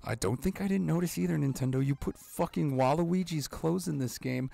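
A man in his thirties hosting a let's-play, excitable and rambling, swearing often and breaking into sudden yelps. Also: a little high, fairly quick, creaky. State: out of breath. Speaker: gaming channel host.

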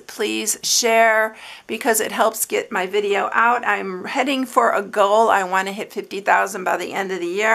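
A woman's voice: medium pitch, vocal fry, fairly bright tone. A woman hosting a papercraft tutorial, chatting casually, repeating herself and dropping fillers as she shows her work. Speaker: papercraft channel host.

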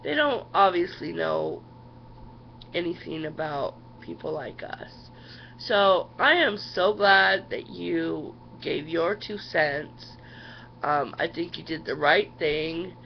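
A woman's voice: low-pitched, lively intonation, slow pace, creaky, muffled recording, a little hiss or hum. A woman in her thirties records a heated video response at home, swearing often and leaning on "you know" and "um". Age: 30s. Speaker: vlogger. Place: at home, sitting.

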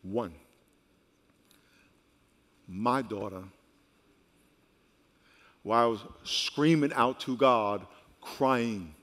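A middle-aged man, a pastor, preaching a sermon with lively swings between loud and hushed delivery. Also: mid-range voice, slow, long pauses. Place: large church hall. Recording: reverberant church hall.

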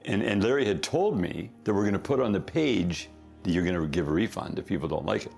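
A middle-aged man, a company founder, telling stories in a casual, animated way, often laughing at himself. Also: lowish voice, brisk, creaky, faint music behind. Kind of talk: casual anecdotal storytelling.

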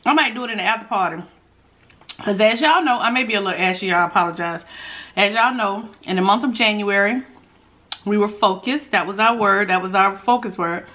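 A woman's voice: medium pitch, brisk, bright, forceful tone. A woman vlogger in casual mukbang chat while eating, talking straight to her viewers with playful asides and hums. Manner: chatty, talks straight to viewers as y'all. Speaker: food vlogger.

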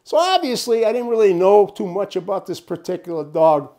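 A man telling a casual anecdote in an animated way, swearing freely. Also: a little fast. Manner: animated, swears freely, wide swings in pitch. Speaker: storyteller.

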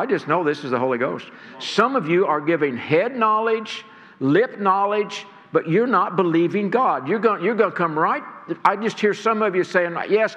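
A man's voice: sits high, a bit bright. A man preaching a sermon to a church congregation, earnest and stirring, often repeating words as he builds. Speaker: pastor. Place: church sanctuary. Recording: long hall reverb.

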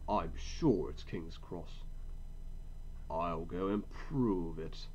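A man's voice: mid-range voice, big pitch swings, darkish tone, muffled recording, a little hiss or hum. A man voicing a pompous grumbling engine. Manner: slow, pompous and cross. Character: proud, grumbling big male steam engine.

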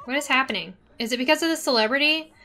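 High-voiced chatty woman streamer. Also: fast talker, pushed and bright, faint music behind. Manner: chatty, reacts aloud with gasps and laughs. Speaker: streamer playing a life-sim game. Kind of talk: casual gameplay commentary.

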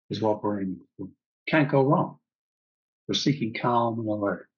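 A man teaching a breathwork class, calmly guiding the breath and repeating key phrases. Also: on the low side, moderate pace, long pauses, muffled recording.

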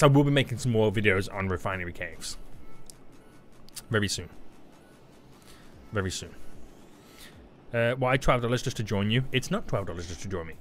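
A young British man giving live commentary while playing a game, excitable and prone to sudden loud yelps and shouts. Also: mid-range voice, a little hiss or hum. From Britain. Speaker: gaming YouTuber.

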